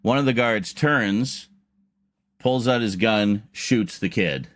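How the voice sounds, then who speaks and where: A man's voice: lowish voice, takes it slowly, fairly bright tone, no echo. A man streaming a casual chat, telling a long story in a rambling way with laughs and restarts.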